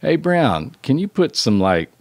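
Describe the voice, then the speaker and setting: A man doing a quick impression of a big, blunt studio drummer with a New Jersey accent. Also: mid-range voice, sing-song, a little mellow, pitched above the performer's own voice. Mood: brash. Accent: New Jersey attempt.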